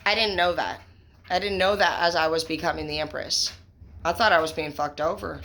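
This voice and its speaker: A woman giving a tarot reading to her viewers, excitable and emphatic, swearing freely and calling the listener baby and bro. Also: deep voice, fairly quick, a little hiss or hum. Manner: excitable, profane and emphatic, gushing praise; affectionate pet names, conversational fillers. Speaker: tarot reader.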